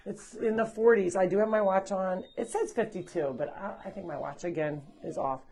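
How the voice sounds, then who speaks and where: This woman's voice is medium-pitched and a bit dark, delivered at a moderate pace. She wears a microphone while hosting a live walk through a farm sanctuary, inside and outside, laughing, chatting, and alternately coaxing and scolding the animals in relaxed narration.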